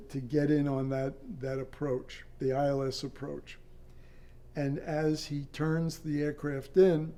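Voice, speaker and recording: An older man, a former air traffic controller, recounting a personal story in an interview, halting and matter-of-fact. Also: fairly high pitch, dark tone.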